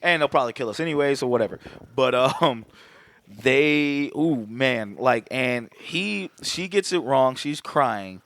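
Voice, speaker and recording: A man's voice: mid-range voice, a little slow, no echo. A man co-hosting a podcast, chatting casually and swearing a lot as he animatedly retells scenes. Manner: profane, animated retelling with quoted voices. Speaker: podcast co-host. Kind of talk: casual chat.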